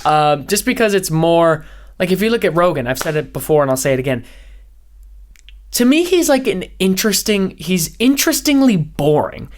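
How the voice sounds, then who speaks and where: High-energy young man ranting on a podcast. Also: big pitch swings, normal speed. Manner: high-energy, rambling, lots of "like". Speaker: podcast host, former radio DJ. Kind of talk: casual solo podcast rant.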